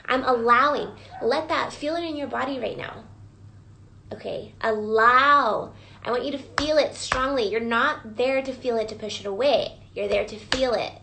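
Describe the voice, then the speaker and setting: Woman wellness coach, fairly high voice with gravelly fry, guides a live reflection session. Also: moderate pace, hardly any pauses, a bit bright, a little hiss or hum, low-quality recording. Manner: guiding, prompting listeners with repeated questions.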